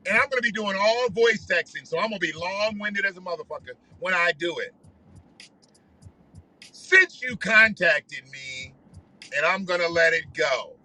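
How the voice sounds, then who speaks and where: A man's voice: high voice, pushed and bright, low-quality recording. A man ranting profanely on a livestream while driving his car. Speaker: livestream host. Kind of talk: casual ranting monologue.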